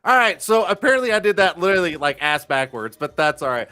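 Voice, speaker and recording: A man's voice: sits high, sing-song, fast, hardly any pauses, bright, forceful tone, clear, resonant tone, faint music behind. A man hosting a casual live-stream talk show, loose, profane and jokey, with lots of fillers and restarts. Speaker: livestream talk show host.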